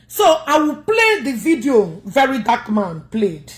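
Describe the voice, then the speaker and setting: A Nigerian woman with an Igbo accent rants combatively on a livestream. Her voice sits high, and she scolds her viewers head-on. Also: huge pitch swings, unhurried.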